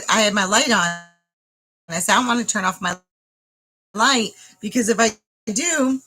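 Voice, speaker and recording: A woman vlogger spins a dramatic homestead tale straight to the camera. Her voice is bright and forward, and her pitch swoops up and down freely as she tells it. She talks to the viewers as if they were sitting across from her. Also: low-quality recording. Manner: animated, dramatic storyteller who addresses viewers directly. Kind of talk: casual storytelling to camera.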